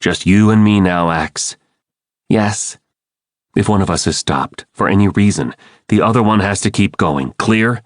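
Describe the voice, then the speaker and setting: A man's voice: fairly low pitch, measured pace, no echo, studio quality, lightly acted. A man voicing a tense teenage boy who leads the group with clipped orders, in an audiobook. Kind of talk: audiobook character voice.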